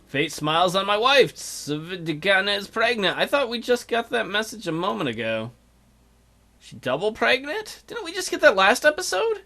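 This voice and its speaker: A man's voice: high-pitched, big pitch swings, normal speed, creaky, bright, forceful tone. A man hosting a strategy game let's play with casual, crude, joking commentary.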